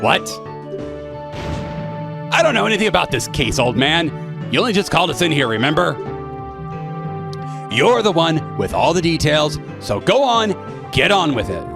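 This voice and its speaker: An impatient, sarcastic prosecutor voiced by a man, pitched high and pushing hard. His lively voice snaps over game music. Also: moderate pace, gravelly, pauses often. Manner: snappy, demanding.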